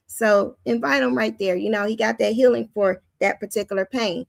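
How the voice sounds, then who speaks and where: A woman with a high, youthful-sounding voice giving an informal spoken teaching on faith, preacherly and often acting out the voices she quotes. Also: steady tone, normal speed, creaky, few pauses, no room sound.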